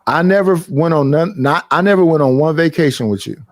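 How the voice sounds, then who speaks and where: A man hosting a casual talk show with a somewhat high voice, telling stories animatedly and slipping into other people's voices. He swears freely, and his sound is dry and close. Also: a little fast, no room sound. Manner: animated storytelling, acting out others in a raised voice, profane. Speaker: podcast host. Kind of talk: casual chat.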